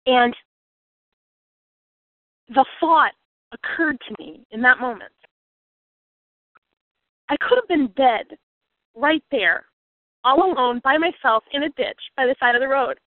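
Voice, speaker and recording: A woman's voice: sits high, slow pace, long pauses, dry recording. A woman telling a personal story and turning it into a motivational lesson, earnest and reflective, at times getting emotional. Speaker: speaker on a coaching call. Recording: tinny phone-like line, dry.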